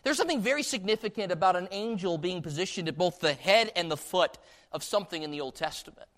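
A man's voice: high voice, fast talker, a bit bright. A man preaching a sermon in a church service, putting many questions to the listeners. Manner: asks the congregation many rhetorical questions.

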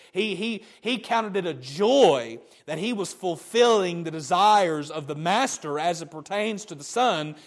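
A man preaching a sermon, emphatic and repetitive, often restarting his phrases. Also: fairly high pitch.

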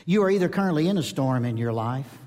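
A man's voice: medium pitch, expressive, fast talker. A man in his fifties from North Georgia, a preacher, preaching emphatically and often asking the audience questions. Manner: emphatic, asks the audience questions, swings between loud and soft. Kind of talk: sermon. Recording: long hall reverb.

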